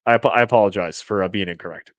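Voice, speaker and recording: A man's voice: lowish voice, very fast, a bit bright, dull audio. A young man from the United States hosting a livestream, rambling casually, swearing and bantering with his chat. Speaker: streamer host.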